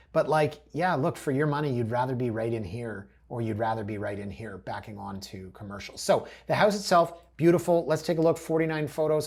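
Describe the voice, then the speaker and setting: A man's voice: medium pitch, a little mellow, husky. A man hosting a real estate show, chatting casually and cracking wry jokes while he walks viewers through listing photos. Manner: joking, wry asides; chatty, addresses viewers directly. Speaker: real estate agent host.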